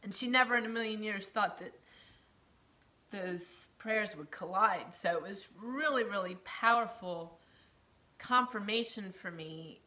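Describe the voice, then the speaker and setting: A woman earnestly telling a personal story, emotional and often dropping to a hushed near-whisper, with laughs between phrases. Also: medium pitch, a little slow. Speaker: storyteller sharing her testimony.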